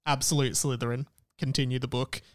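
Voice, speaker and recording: A woman's voice: extremely low pitch, steady tone, a little fast. A young woman hosting a comedy podcast, giving wry commentary and laughing often. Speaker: podcast host. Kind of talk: comedic casual chat.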